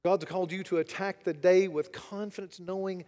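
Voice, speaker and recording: A man preaching a sermon, dramatic and rhetorical, swinging between loud declarations and hushed asides. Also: high voice, fairly even intonation, normal speed, long reverb tail. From United States. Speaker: pastor.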